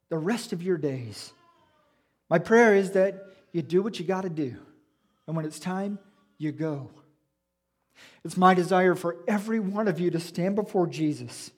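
A man preaching a sermon in a church, earnest and reflective, asking his listeners questions. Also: high-pitched. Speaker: pastor.

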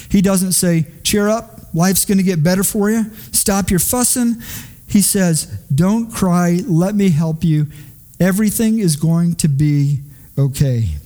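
Male pastor, sermon delivery, high pitch, warm, soft-edged tone, earnest and questioning. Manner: earnest, questioning, slows on key phrases.

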